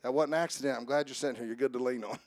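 A man preaching an Easter sermon in church, joking quietly with the congregation and then building to loud, drawn-out preaching. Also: medium pitch.

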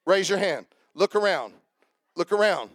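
A man's voice: high voice, animated, unhurried, fairly bright tone, no room sound. A man preaching a sermon to his congregation, joking and repeating himself as he talks to people in the room by name. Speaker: pastor.

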